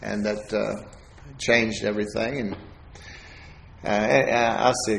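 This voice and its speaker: A man gives a sermon testimony in a relaxed, folksy storytelling way, switching into the voices of the people he quotes. His voice sits at an ordinary middle pitch. The room around him is echoey. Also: unhurried, gravelly, pauses often. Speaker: preacher sharing testimony.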